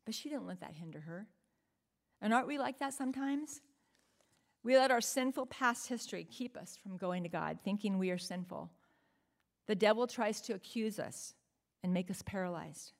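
A woman's voice: mid-range voice, lively intonation, moderate pace, vocal fry. A woman preaching a sermon in an earnest, emphatic way, often asking the listeners rhetorical questions.

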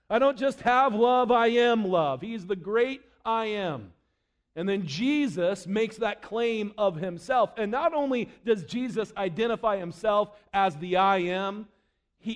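A man preaching a sermon in a high voice. He drops low and quiet for quoted scripture, then pushes up louder and faster for emphasis. It comes across as dramatic preaching.

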